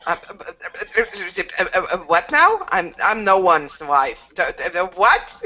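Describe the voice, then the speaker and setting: A blunt female werewolf warrior with a taste for whiskey, played by a woman. Her voice sits low yet bright and tense. It comes through a dull voice-chat line. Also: expressive, moderate pace. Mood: flustered. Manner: flustered stammering when caught off guard.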